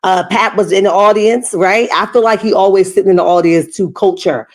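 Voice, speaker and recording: A woman's voice: medium pitch, a little fast. A woman hosting a reaction stream, giving casual, emphatic commentary and often ending her points with "okay?". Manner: emphatic, tags lines with "okay?". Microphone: streaming setup.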